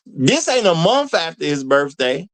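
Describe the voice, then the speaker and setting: High-voiced guy hosting a live stream, super animated, keeps repeating himself and going "y'all". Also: measured pace, no room sound, poor audio. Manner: animated, repeats lines for emphasis, addresses viewers as y'all. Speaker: host of a live commentary show. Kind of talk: casual live commentary.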